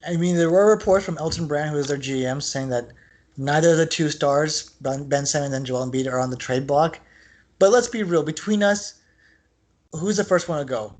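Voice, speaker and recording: A man co-hosting a podcast in casual sports chat, talking in an animated, rambling way with lots of filler words. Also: a little high, moderate pace. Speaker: podcast co-host.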